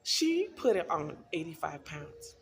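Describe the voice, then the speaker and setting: Middle-aged woman vlogger, gravelly low voice, casual storytelling delivery. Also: sing-song, a little slow, slight background noise. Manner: chatty, storytelling, laughs often. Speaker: wellness vlogger. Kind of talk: casual talk to camera.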